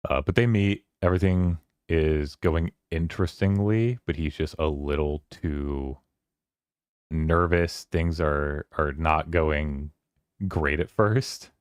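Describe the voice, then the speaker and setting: A man with an extremely deep, low voice chats casually on his stream, recapping a novel's scenes. He rambles with plenty of "like" and "um". The sound is close and dry. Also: clean tone, no room sound. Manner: rambling, filler-heavy, quoting characters in quick voices. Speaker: streamer hosting a book club.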